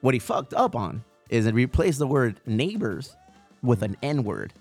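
With faint music behind him, a man of medium pitch and darkish tone hosts a podcast at normal speed, his pitch moving in big swings. His casual talk is profane and slangy, wandering around while he addresses people as bro and dog.

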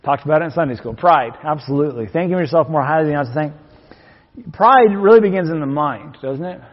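Man, pastor, folksy sermon, joking asides, slightly high voice, long church reverb. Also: brisk. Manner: folksy, joking asides between scripture readings. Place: church sanctuary. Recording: long hall reverb, dull lo-fi sound.

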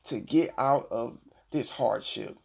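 A middle-aged man hosting a Christian devotional podcast, preaching earnestly and slowing down to read scripture. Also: medium pitch, creaky, a little mellow, husky. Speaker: podcast host.

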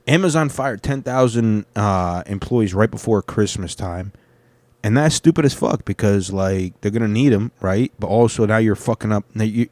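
Man, streamer-style reaction chat, low voice, dry close sound, loose and profane. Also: normal speed, a little mellow, no room sound. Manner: rambling, swears a lot, restarts. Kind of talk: casual profane reaction commentary.

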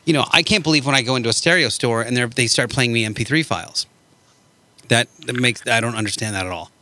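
A man's voice: mid-range voice, fast, sharp tone, no echo. A man hosting a podcast, chatting casually and asking his guest one follow-up question after another. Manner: inquisitive, keeps asking follow-ups. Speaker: podcast host. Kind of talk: casual interview chat.

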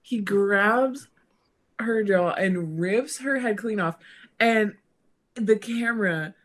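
Slow-talking, gushing woman co-host. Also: mid-range voice. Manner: enthusiastic, gushing. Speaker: podcast co-host. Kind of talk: casual chat about a horror film.

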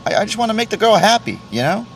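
This man has a high, sing-song voice and speaks fast, with a little hiss or hum in the recording. Hosting his own podcast, he tastes tea while delivering a casual, self-deprecating solo rant full of curses and stumbling restarts.

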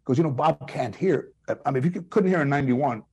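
Husky-voiced man telling comedy stories. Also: medium pitch, fast talker, dull audio. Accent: Chicano English. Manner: animated anecdotes with quoted voices, frequent restarts. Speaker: guest comedian. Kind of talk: storytelling interview.

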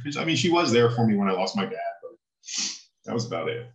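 A man telling his personal faith testimony as an interview guest, in an earnest, halting way. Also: on the low side, expressive, echoey room, lo-fi sound.

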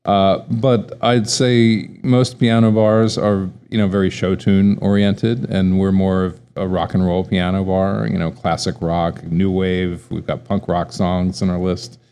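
A man being interviewed about his piano bar, relaxed and hesitant, laughing easily between answers. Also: sits low, measured pace, hardly any pauses, clear, resonant tone.

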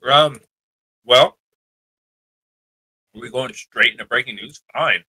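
A man co-hosting a podcast, chatting casually with playful, deadpan jokes. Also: mid-range voice, slow pace, slightly rough, rough recording. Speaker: podcast co-host. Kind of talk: casual chat.

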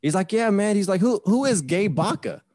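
A man's voice: high-pitched, normal speed, no room sound, studio quality. A man in his thirties, a podcast host, telling a story in casual chat and acting out the voices of the people in it. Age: 30s. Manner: animated retelling with voiced quotes.

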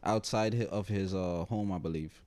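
A man's voice: deep voice, normal speed, a little mellow. A man co-hosting a podcast who tells stories in casual chat and laughs easily. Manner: storytelling, laughs, does funny voices. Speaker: podcast co-host.

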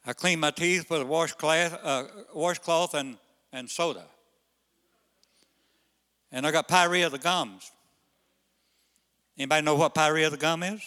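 An older man, a pastor, telling folksy stories in a sermon, halting on fillers, then bursting out loud to the congregation. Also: on the high side. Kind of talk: storytelling sermon. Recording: long hall reverb.

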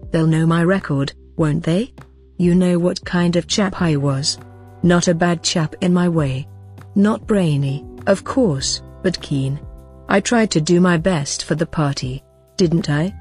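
A servile, frightened middle-aged man, read by a woman narrator pleads and preaches in turn. His voice sits low and a bit husky. Faint music runs under this audiobook. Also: darkish tone. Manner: blubbering, servile, then sententious.

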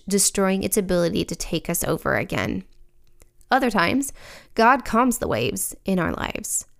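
A woman's voice: medium pitch, gravelly. A woman giving an earnest, reflective scripted devotional reading. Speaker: devotional speaker.

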